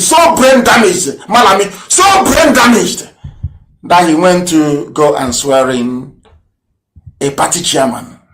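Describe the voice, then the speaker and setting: A man delivering an impassioned political radio broadcast, firing rhetorical questions and swinging between shouts and low mutters. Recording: roomy echo.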